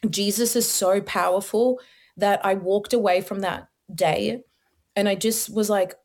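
A young adult woman, telling her personal testimony as a podcast guest in an animated, slangy way. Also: mid-range voice, unhurried. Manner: animated storyteller, slangy, many likes and ums.

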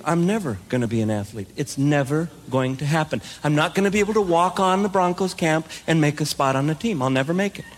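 A man doing stand-up comedy, telling self-deprecating stories in an animated way and acting out the dialogue. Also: high-pitched.

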